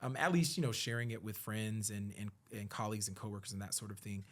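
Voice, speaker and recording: Male podcast guest, animated storyteller, earnest, acts out dialogue. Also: on the low side, quick pace. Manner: earnest and reflective when talking about his work and faith. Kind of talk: conversational storytelling.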